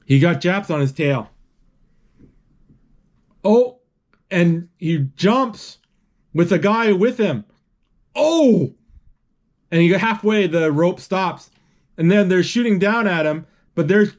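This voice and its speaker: A man with a slightly higher voice, narrating a film off the cuff. He talks haltingly, restarting phrases, saying "he's like" and adding spoken sound effects as he goes. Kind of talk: unscripted play-by-play retelling.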